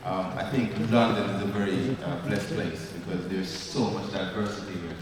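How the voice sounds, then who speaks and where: A man at a community forum speaking hesitantly, with frequent pauses and fillers. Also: low-pitched, steady tone, background noise. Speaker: forum participant. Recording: echoey hall, distant mic.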